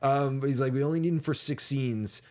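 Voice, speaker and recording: A man's voice: mid-range voice, fairly quick, a little mellow. A man hosting a film podcast in a casual, chatty way, often acting out lines from the movie. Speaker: podcast host.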